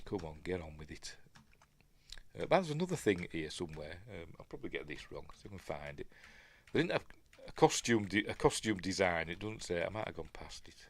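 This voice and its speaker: A man's voice: low-pitched, big pitch swings, fairly quick, fairly bright tone. A middle-aged man with a Yorkshire accent hosts a casual film breakdown, rambling and muttering asides to himself as he wonders aloud. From Yorkshire, England. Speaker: film review host.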